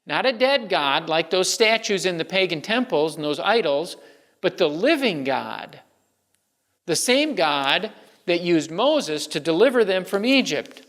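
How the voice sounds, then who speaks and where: A man speaks from the pulpit with a somewhat high-pitched voice, working through a sermon in a relaxed, conversational way, often circling back and restarting his phrases. His words ring out with the long reverb of a church sanctuary. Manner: conversational, with many restarts and fillers. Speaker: pastor.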